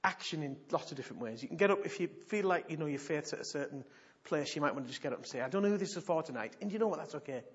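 In a very fast, husky voice on the high side, a male pastor delivers a sermon, telling stories with animation and hammering points through repetition. The lo-fi recording sounds dull.

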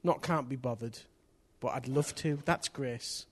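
A man preaching a sermon in a church, telling a story with energy, rising to excited shouts and dropping to near whispers. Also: medium pitch, measured pace. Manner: swings from hushed to excited shouting; lively storyteller with local place names and slang.

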